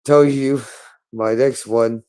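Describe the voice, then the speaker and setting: A man with a mid-pitched voice delivers an angry monologue, circling back to the same harsh phrases over and over. He sounds berating and hostile throughout, swearing constantly as he goes. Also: steady tone, slow, warm tone, smooth. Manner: hostile, repetitive and profane, berating.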